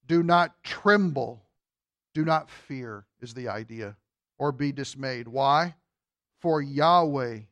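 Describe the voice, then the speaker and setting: A male pastor preaching with lively energy, his voice pitched notably high. He moves between reading scripture and joking asides to the congregation. The sound is dry and close, with little room echo. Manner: animated, joking asides, reads scripture aloud. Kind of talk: sermon.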